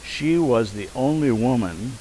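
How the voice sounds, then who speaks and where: This rough recording, with a bit of background noise, captures an older interview guest who has long acted in community theater. He speaks at a medium pitch and a little slowly, trading anecdotes and growing animated when repeating what others said.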